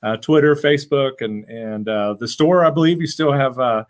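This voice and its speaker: A man's voice: mid-range voice, moderate pace. A man hosting a podcast, talking casually with lots of fillers and restarts. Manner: rambling with many fillers and restarts. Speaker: podcast host. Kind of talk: casual chat.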